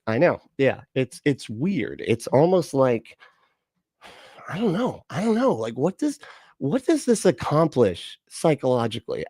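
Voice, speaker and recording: A man hosts a livestream reaction with a gravelly, fry-laced voice that swings widely in pitch. He swears freely and reacts with sarcasm and disbelief. The sound is dry and close-miked. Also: darkish tone, no room sound. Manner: profane, sarcastic, incredulous. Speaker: livestream host.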